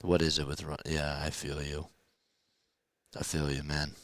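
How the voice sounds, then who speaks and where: A man calls a football finish as a fan play-by-play caster. His voice is deep and hoarse from strain, and he speaks at an unhurried pace. He rises to loud, excited shouts on the big plays. The sound is dry and close. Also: no room sound. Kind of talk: live fan play-by-play call and sign-off chat.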